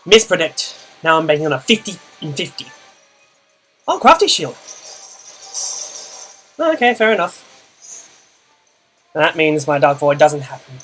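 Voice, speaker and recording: A man's voice: fairly high pitch, lively intonation, normal speed, pauses often, fairly bright tone, soft background music, poor audio. A young man giving a dry, muttered running commentary on his own game, groaning at setbacks. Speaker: channel host and player. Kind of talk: live gameplay commentary.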